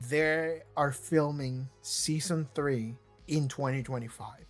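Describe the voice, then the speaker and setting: An excitable reaction host rambles through casual commentary, tripping over restarts and swearing freely. The voice sits at a middling pitch, and faint music plays behind the talk. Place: seated in a chair.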